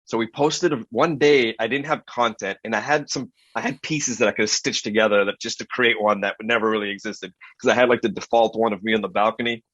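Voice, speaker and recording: A man hosting a podcast, chatting casually and telling lively stories, acting out other people's lines. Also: fairly low pitch, fairly quick, few pauses, no echo. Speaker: podcast host. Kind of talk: casual storytelling chat. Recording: dull, dry-sounding audio.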